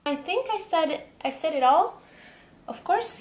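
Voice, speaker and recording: A woman's voice: very high voice, expressive, measured pace, darkish tone, echoey room, a little hiss or hum. A young woman with an Italian accent, chatting enthusiastically about makeup products in a casual beauty vlog, with frequent ums. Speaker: beauty vlogger.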